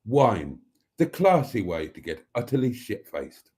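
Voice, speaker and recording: A man hosting a live stream, reading out viewer comments in a wry, theatrical way, calling his viewers darlings, relaxed and a bit rambling as he sips wine. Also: fairly low pitch, unhurried. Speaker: channel host.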